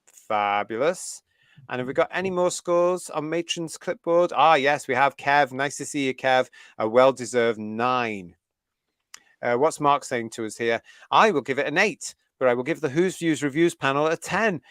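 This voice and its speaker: Male host from the UK, middle pitch, keen and chatty, laughs a lot, close dry mic. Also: moderate pace, a bit bright, clear, resonant tone, no room sound. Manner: chatty and enthusiastic, laughing often. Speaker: host of a fan review livestream. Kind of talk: live stream chat, reading viewer comments.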